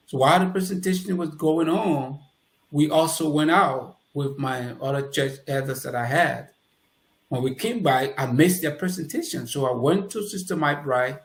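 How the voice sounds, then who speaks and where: A man with a Liberian accent, a guest telling his life story in conversation and acting out the dialogue he recalls. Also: fairly high pitch. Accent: Liberian English. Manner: animated, acts out quoted dialogue. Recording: roomy echoey room.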